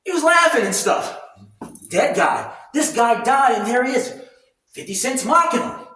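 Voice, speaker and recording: A man ranting loudly and animatedly in casual commentary, swearing freely. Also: very high voice, moderate pace. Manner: loud, animated, profane ranting. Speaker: commentary vlogger. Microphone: camera mic at a distance, no clip-on mic. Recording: very echoey room, voice far from mic.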